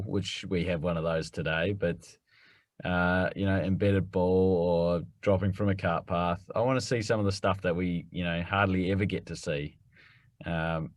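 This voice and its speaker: A man's voice: low-pitched, dry recording, clean studio sound. A man, the rules expert on a podcast, explaining things in a matter-of-fact way. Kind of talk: casual explanation.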